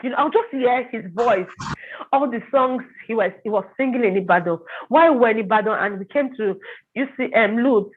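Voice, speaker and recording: A woman telling an emotional personal story as an interview guest, halting and repeating words when upset. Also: a little high, a little hiss or hum. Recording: tinny phone-like line.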